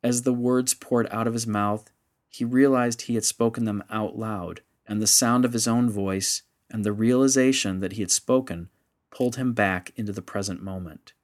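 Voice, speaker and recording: A man narrating a story in a measured, steady audiobook style. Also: on the low side.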